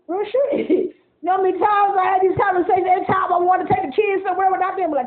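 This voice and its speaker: A man with a notably high voice vents in a loose, profane monologue. He rambles, circles back and repeats words as he talks. The sound is thin and tinny, like a phone line. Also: quick pace. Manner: profane, rambling, repeats himself, laughs often. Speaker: vlogger. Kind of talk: casual monologue rant.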